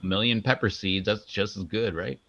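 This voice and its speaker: A man's voice: lowish voice, fairly even intonation, normal speed, pushed and bright, no room sound. A man co-hosting a casual live stream, rambling and joking as he hypes up his co-host. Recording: dull lo-fi sound.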